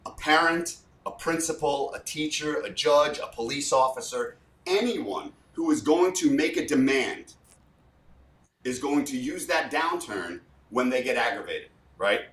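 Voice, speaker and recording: A man appears as a guest communication coach, explaining emphatically, repeating points for effect, and giving spoken demos. His medium-pitched voice is animated, fairly bright, and a little slow. The sound is roomy, with him far from the mic.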